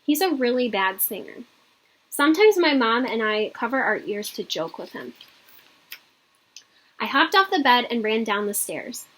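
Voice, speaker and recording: Husky-voiced woman teacher reading a story aloud. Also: on the high side. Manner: expressive storytelling, pausing to explain the story. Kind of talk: reading a children's book aloud in a lesson.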